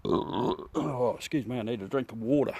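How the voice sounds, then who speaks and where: A man's voice: medium pitch, normal speed, vocal fry, darkish tone. An Australian man hosting a casual live chat with viewers from his backyard at night, swearing freely and laughing often. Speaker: livestream host.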